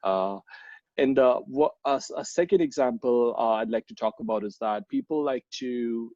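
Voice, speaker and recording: A man's voice: medium pitch, moderate pace, a little mellow, no echo. Hesitant young man from India, muffled. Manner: hesitant, many ums and restarts. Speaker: podcast guest. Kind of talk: casual interview chat. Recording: dull, dry lo-fi sound.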